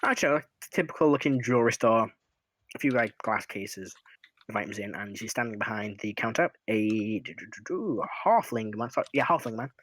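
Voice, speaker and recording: A man running a tabletop game as game master, narrating in a relaxed, rambling way and humming while he thinks. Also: on the low side, brisk, a little hiss or hum.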